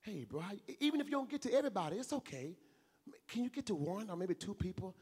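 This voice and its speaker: A man's voice: sits high, sing-song, fast, darkish tone, slightly rough. Earnest male preacher in a reverberant hall. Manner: earnest, repetitive, conversational preaching with acted-out dialogue. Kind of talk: sermon.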